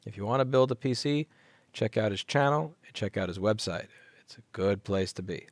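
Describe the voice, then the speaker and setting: A man's voice: lowish voice, brisk, no room sound. A man hosting a late-night livestream and answering viewer chat in a blunt, sarcastic, casual way. He sounds sleepy and keeps yawning, and he talks into a headset mic. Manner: blunt, sarcastic, swears, repeats himself for emphasis. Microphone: headset microphone.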